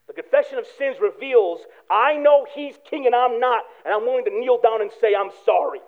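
A man preaching a sermon, telling a personal story with animated swings from hushed prayer to loud excitement. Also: very high voice, brisk. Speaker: pastor. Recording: tinny phone-like sound.

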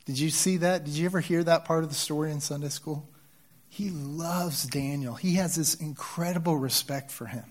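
A male pastor with a fairly high voice preaches in a relaxed, conversational way. He often restarts his sentences. Now and then his voice swells with feeling. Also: normal speed. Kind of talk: sermon.

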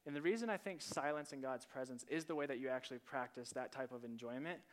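Earnest, smooth-voiced male pastor preaching. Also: medium pitch, fast. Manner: earnest, animated, often says "listen" and "like". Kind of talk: conversational sermon.

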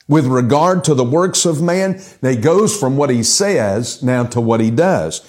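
A middle-aged man preaching a sermon, telling Bible stories in a lively way and acting out the characters' lines. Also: mid-range voice, a little slow, few pauses. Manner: lively storytelling, acting out quotes. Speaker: pastor.

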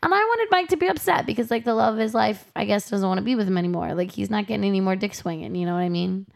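A woman in her twenties co-hosting a podcast, chatting casually and animatedly as she recaps a TV episode, acting out scenes in playful high voices. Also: lively intonation, rapid-fire, gravelly, darkish tone. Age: 20s. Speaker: podcast co-host.

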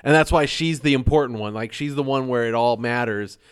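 A man's voice: mid-range voice, brisk, clear, resonant tone. A man chatting casually about movies, explaining plot points insistently.

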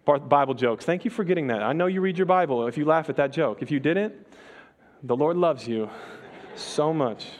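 A male preacher with a high voice, telling a story in sermon style. He slows for dramatic pauses and slips in jokes. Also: expressive, a little mellow.

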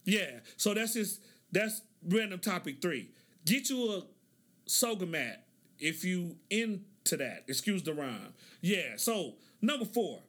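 Laid-back man with a high voice. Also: very animated, slow, fairly bright tone. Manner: laid-back, laughs often, acts out quoted dialogue. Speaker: podcast host. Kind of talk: casual storytelling monologue.

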